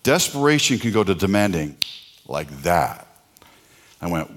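A man's voice: low-pitched, sing-song, a little hiss or hum. A middle-aged man preaching a sermon, telling personal stories with asides and rhetorical questions. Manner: conversational storytelling with pauses, asides and rhetorical questions. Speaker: pastor.

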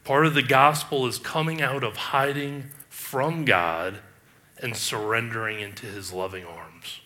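Man, pastor, sermon, bright tense voice, emphatic, rhetorical questions. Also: medium pitch, fairly even intonation, a little slow.

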